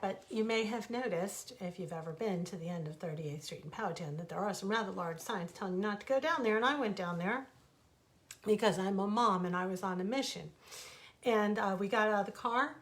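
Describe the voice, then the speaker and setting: A middle-aged author speaks from her home, telling a personal story in a casual, animated way with a medium-pitched voice. She rambles, tossing in asides and correcting herself.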